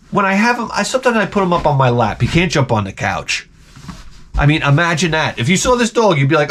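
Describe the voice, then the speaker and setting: A man hosting his channel, telling comedic stories in an animated, profane, exaggerated way. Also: high voice, brisk, slight background noise. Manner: animated, profane, exaggerated, jumps into quoted voices. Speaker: channel host. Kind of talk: casual comedic storytelling rant.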